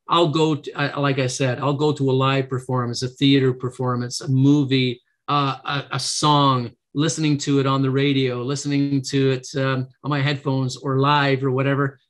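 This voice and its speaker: A middle-aged man speaks as a podcast guest, earnest and encouraging, with a voice of ordinary pitch. He slips into a lifted tone when he acts out what people say. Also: fairly bright tone. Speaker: podcast guest, negotiation trainer. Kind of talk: casual interview.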